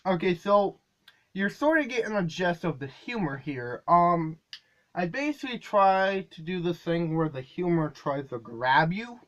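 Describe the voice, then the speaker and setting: A man with a high, sing-song voice talks at an unhurried pace, sounding a bit bright even though the highs are cut off. He is a video creator explaining in a casual, behind-the-scenes way how he produces his comedy videos, drifting off topic a little and revising what he says as he goes.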